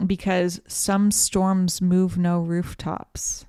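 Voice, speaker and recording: A woman plays a blunt, brooding male god of destruction from a storybook, stating his purpose matter-of-factly. The voice is smooth and clear, recorded close and dry. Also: sits high, little pitch movement, extremely slow, dark tone, dry recording. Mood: flat.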